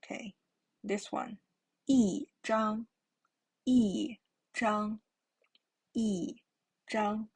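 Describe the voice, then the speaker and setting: Woman, language teacher, very slow and patient, slightly husky voice, repeats every word. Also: mid-range voice. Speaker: Mandarin teacher. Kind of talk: slow explanatory language lesson.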